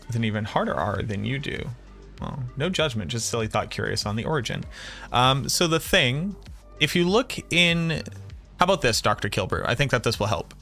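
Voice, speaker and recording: Guy from around boston streaming a game, bright voice, thinking out loud, chatting w/ viewers. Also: mid-range voice. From Boston area, USA. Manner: thinks aloud, chatty, answers chat. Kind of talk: live-stream gameplay commentary.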